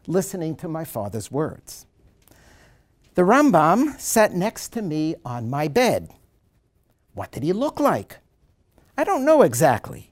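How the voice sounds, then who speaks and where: Animated man giving a seminar lecture. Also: fairly high pitch. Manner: animated, dramatic storyteller's delivery. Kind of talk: seminar lecture with dramatic reading.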